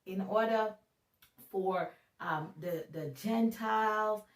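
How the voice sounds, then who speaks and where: A woman giving a casual, animated Bible talk, chatty and joking at her own expense. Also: mid-range voice, slow. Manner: chatty and animated, laughs at herself. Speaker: Bible teacher. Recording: roomy sound from a distance.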